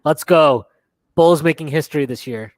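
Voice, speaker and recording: A man co-hosting a casual sports podcast, animated as he reads box scores and mocks players in quick impressions. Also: fairly high pitch, no echo. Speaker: podcast co-host.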